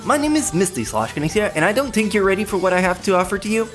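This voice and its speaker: French man with a lively voice. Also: high voice, fast, soft background music. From France. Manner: cheeky, swears, teasing jokes. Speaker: anime list host. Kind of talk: scripted countdown commentary.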